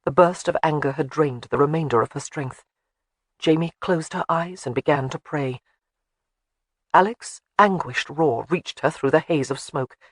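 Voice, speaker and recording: Male audiobook narrator, dramatic and expressive, higher register, dry close mic. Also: measured pace, no echo. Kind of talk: scripted narration.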